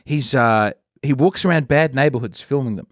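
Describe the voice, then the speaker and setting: A man's voice: mid-range voice, moderate pace, a bit bright, no room sound. An Australian man chatting as a podcast guest, dry and rambling, often trying out accents. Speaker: guest comedian. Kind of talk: casual podcast chat.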